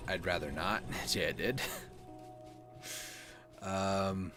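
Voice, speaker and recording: A young man with a sore throat, rambling quietly through late-night gameplay commentary. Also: deep voice, very slow, long pauses, soft background music. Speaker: gaming streamer.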